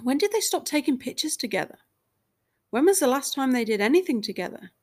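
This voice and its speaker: Woman narrating a story, fairly high voice. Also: sing-song, brisk.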